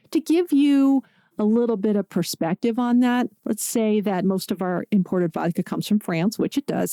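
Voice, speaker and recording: With clean studio sound and no echo, this solo podcast host from Pittsburgh talks in a medium-pitched, mellow voice. Her delivery is conversational and chatty, sprinkled with jokes on the side.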